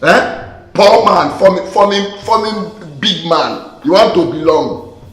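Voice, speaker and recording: A man's voice: high voice, slow pace, fairly bright tone. A man playing a scornful wealthy employer who mocks and belittles his servant. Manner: mocking, contemptuous. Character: scornful rich man berating his gateman. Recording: roomy film audio with faint music.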